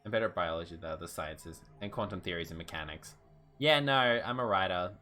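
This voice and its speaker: A man's voice: low voice, a little fast, sharp tone, soft background music. A man streaming a story game and making casual, joking, self-deprecating commentary as he reads the text aloud. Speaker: let's-play streamer.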